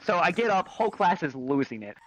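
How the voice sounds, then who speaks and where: A man telling a comic, profane story in a lively, animated way. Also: brisk, rough recording. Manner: animated, profane, jumps into high squeaky voices for quotes. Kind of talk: comic storytelling in a virtual chat room.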